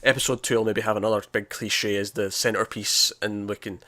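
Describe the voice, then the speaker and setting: A man's voice: fairly low pitch, flat delivery, a little fast, pushed and bright, no echo. A man co-hosting a casual TV review chat, rambling with restarts and quoted lines. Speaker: podcast co-host reviewing a TV episode.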